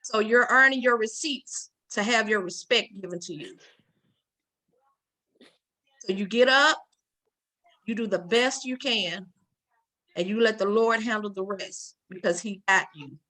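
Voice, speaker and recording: A woman's voice: mid-range voice, a little slow, long pauses. A woman giving firm, faith-filled encouragement to a younger mother on a video call. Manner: warm, preachy, firm encouragement. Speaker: encouraging mentor in a women's group. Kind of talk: motivational faith talk.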